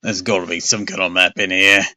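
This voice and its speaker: A man's voice: deep voice, little pitch movement, a little fast, sharp tone, no echo, studio quality, pitched below the performer's own voice. A man voicing a frustrated father who snaps and grumbles gloomily while lost on a road trip, read from a children's storybook. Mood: grumpy. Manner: snapping and gloomy.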